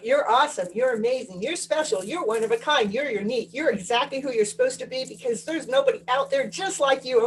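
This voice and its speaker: A woman's voice: high-pitched, slight background noise, rough recording. A woman hosting a casual spiritual chat, talking enthusiastically and affirming the listener. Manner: enthusiastic, affirming, laughs often. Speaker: host.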